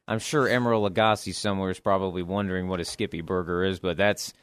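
A man, a sports journalist guest, telling wry stories and analyzing high school football. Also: fairly even intonation, quick pace, clear, resonant tone. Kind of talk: casual sports chat.

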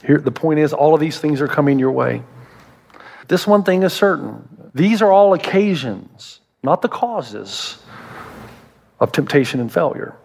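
A man's voice: on the high side, lively intonation, measured pace, vocal fry, darkish tone, breathy edge, long reverb tail. A middle-aged man preaching a sermon as pastor, telling humorous stories and acting out the voices he quotes. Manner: humorous storyteller who acts out quoted voices.

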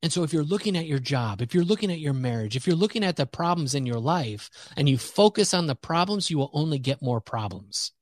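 A man's voice: on the high side, animated, a little fast, few pauses, no room sound. A man talking as a podcast guest, preacher-like and emphatic, repeating phrases for rhythm as he builds a motivational faith message.

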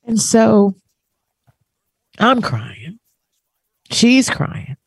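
A woman co-hosting a talk show, telling a heartfelt personal story and quoting others in soft voices. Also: medium pitch, sing-song, very slow, creaky, breathy edge, no room sound. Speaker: co-host. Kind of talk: emotional personal story, casual chat.

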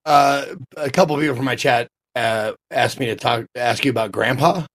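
A man's voice: mid-range voice, normal speed, fairly bright tone. A man on a gaming podcast asking hesitant questions in casual chat, with fillers.

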